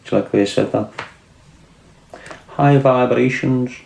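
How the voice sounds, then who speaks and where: A man's voice: mid-range voice, rapid-fire, vocal fry, mellow, roomy sound, a little hiss or hum. A man with a Scouse accent hosting a casual livestream, trading crude, swearing, mocking banter with his chat. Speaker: livestream host reading chat.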